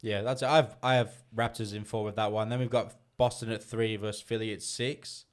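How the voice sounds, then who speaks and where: A man's voice: on the low side, little pitch movement, normal speed. An Australian man co-hosting a podcast, steering a laid-back basketball chat from one topic to the next. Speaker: podcast co-host. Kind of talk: casual sports chat.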